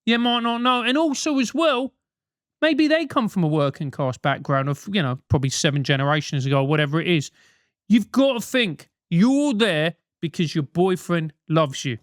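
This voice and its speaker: A man's voice: high voice, animated, normal speed, dry recording, studio quality. A British man hosting a comic advice show, talking bluntly with lots of swearing and mockery. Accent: British English. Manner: profane, blunt, mocking.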